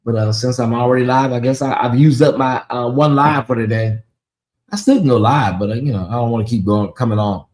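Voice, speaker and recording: On his casual livestream, a man with a Southern accent reads viewers' chat out loud and answers them directly. His voice is medium in pitch and darkish in tone, and he moves at a brisk clip.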